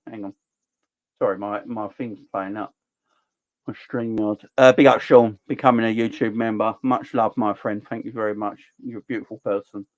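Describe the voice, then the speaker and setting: A man in his forties with a South East London accent, hosting a football livestream and ranting passionately between relaxed chat with viewers. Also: fairly low pitch, muffled recording. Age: 40s. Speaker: football channel livestream host.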